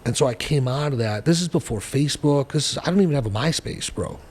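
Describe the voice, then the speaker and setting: Podcast guest, man in his forties, animated and foul-mouthed storyteller, faint background hiss. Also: medium pitch, fast talker, in a large hall. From New Hampshire, US. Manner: blunt, profane, animated storytelling. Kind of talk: storytelling interview.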